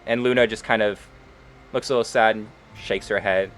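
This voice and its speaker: A man's voice: on the low side, fairly even intonation, fairly quick, fairly bright tone, a little hiss or hum. A man narrating as game master of a tabletop role-playing game, casual, with frequent ums and uhs.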